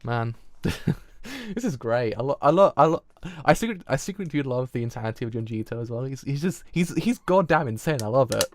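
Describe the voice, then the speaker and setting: A young man giving live reaction commentary while reading, excitable and quick to swear, often stumbling over his words. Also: medium pitch. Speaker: streamer.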